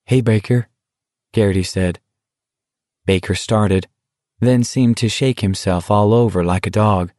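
A man narrates a novel in a measured, even reading. His voice sits low. The recording is close and dry, with no room sound. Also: no echo. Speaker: audiobook narrator. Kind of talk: scripted narration.

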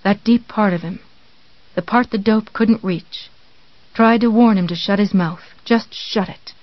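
A narrator reading a novel aloud in a measured, even storytelling manner. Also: mid-range voice, no echo, lo-fi sound. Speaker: audiobook narrator. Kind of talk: scripted narration.

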